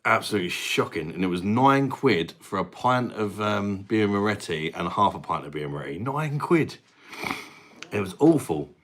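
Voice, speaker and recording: A man's voice: on the low side, expressive, moderate pace. A British man hosting a casual live stream, bantering with chat, laughing often and swearing casually. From Britain. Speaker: live-stream beer reviewer.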